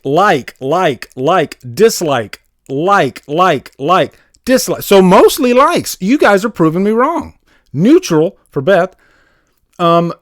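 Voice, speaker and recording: A man hosting a live stream, chatting casually with his viewers and greeting them, excitable and wired, swearing freely. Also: a little high, no echo, studio quality. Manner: talks straight to viewers, greets chat.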